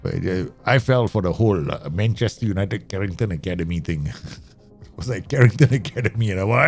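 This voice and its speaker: A man casually commenting while he plays a football management game, excitable and laughing often. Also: moderate pace, faint music behind. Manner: excitable, laughs often, animated pitch swings. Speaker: gaming streamer.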